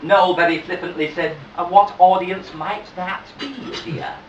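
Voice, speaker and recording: A man's voice: sits high, steady tone, measured pace, highs cut off, slight background noise. A man impersonating a gracious, chatty English lady entertainer, confiding stage anecdotes and singing comic songs to piano at a live pub show. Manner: gently confiding patter, then music-hall singing. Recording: roomy live sound from a distance with piano.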